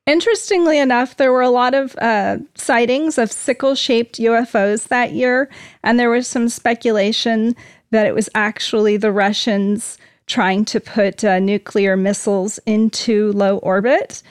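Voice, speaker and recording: A woman's voice: fairly high pitch, fairly even intonation, measured pace, smooth, no echo, clean studio sound. A woman co-hosting a podcast, reading her notes in a casual, good-humored way. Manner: good-humored, laughs easily. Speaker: podcast co-host.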